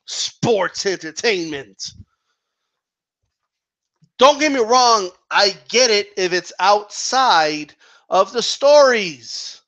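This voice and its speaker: A man with a strikingly high voice rants in an exasperated, profane monologue. His tone is bright and pushing, and he keeps tossing out "okay?" and "right?" as he drives each point home. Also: lively intonation, drawn-out words, pauses often. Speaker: wrestling commentary vlogger. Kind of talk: ranting opinion monologue.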